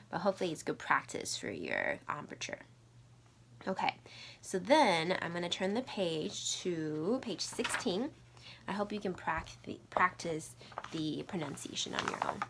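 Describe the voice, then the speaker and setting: A woman teaching a recorded language lesson, running slow repeat-after-me drills and dropping to soft, whispery asides between them. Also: deep voice, expressive, gravelly, a little hiss or hum. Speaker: Mandarin teacher.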